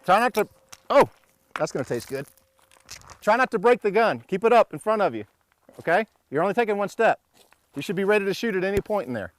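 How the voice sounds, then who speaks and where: A man's voice: high voice, sing-song, fairly quick, pauses often, noisy background. A middle-aged man coaching young shooters at an outdoor range, joking with them and calling out drill commands.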